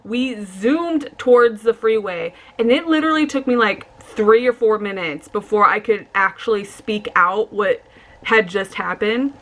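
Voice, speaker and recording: A young adult woman vlogger telling a casual storytime, animated and swearing, acting out what people said. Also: mid-range voice, unhurried.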